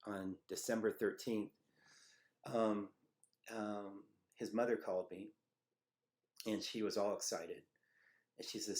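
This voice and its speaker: A middle-aged man telling a personal memory in a halting, reflective way, with many pauses and fillers. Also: lowish voice, fairly even intonation, a little mellow. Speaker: storyteller recounting a personal memory. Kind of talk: personal testimony.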